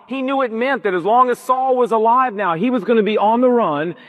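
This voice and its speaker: Male pastor, emphatic sermon storytelling, high voice; dull recording with long hall echo. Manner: emphatic, storytelling, rhetorical questions.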